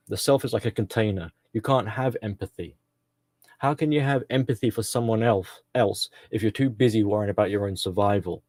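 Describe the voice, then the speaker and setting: A man with a fairly low voice, holding forth in a casual solo commentary. He rambles, fills pauses and corrects himself as he goes, recorded dry and close. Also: a little mellow, no echo. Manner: rambling, frequent fillers and self-corrections.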